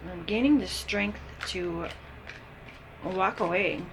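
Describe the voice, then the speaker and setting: A woman giving a casual tarot reading, unhurried and thinking aloud with frequent pauses and ums. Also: mid-range voice, slight background noise, poor audio. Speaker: tarot reader.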